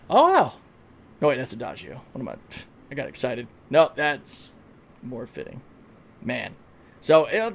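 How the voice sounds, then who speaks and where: A man livestreaming a video game, giving excitable, casual commentary, swearing freely and talking to his chat. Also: fairly high pitch. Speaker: gaming livestreamer.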